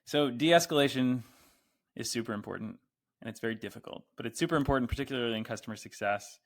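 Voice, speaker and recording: Gravelly man giving tips, playful. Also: medium pitch, fairly bright tone. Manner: acts out customer calls, playful teasing. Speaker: podcast guest. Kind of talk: casual podcast chat.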